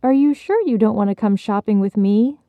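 A woman's voice: mid-range voice, brisk, dry recording, phone-quality sound, lightly acted. A woman voicing an uneasy young mother who speaks hesitantly in a storybook reading. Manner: reassuring, hesitant.

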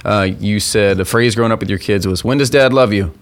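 Male podcast co-host, lowish voice, upbeat and playful. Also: a little fast. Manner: upbeat, joking storyteller. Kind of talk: casual podcast chat.

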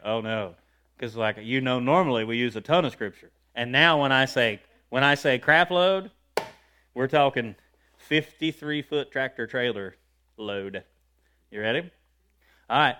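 A man preaching a sermon, talking to his congregation, asking them questions and breaking into loud shouts of praise. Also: medium pitch, clear, resonant tone.

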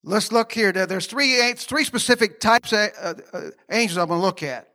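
High, forceful preacher man. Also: normal speed. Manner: folksy and conversational, with laughing asides; asks the congregation questions. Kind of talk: sermon.

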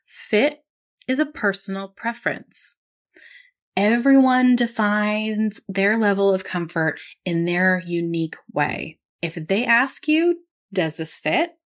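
A woman hosting a podcast, giving calm, reassuring advice to parents and laughing lightly between points. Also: medium pitch. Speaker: podcast host.

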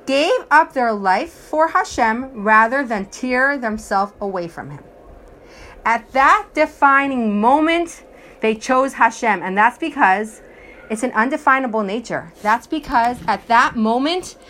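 A woman's voice: a little high, fairly bright tone. A woman teaching a religious class, telling stories and acting out the voices of the people in them. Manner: storytelling, acts out voices, emphatic.

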